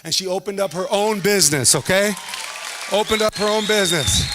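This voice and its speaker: A man doing stand-up comedy, telling stories in a slangy, animated way and acting out the people in them. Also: high voice, slight background noise. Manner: animated, slangy, acts out characters in quick asides. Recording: long hall reverb.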